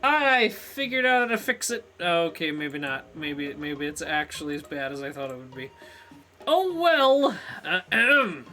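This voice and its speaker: A man's voice: on the high side, moderate pace, few pauses, bright, forceful tone. A man streaming a video game live, rambling through jokey, self-mocking asides as he plays.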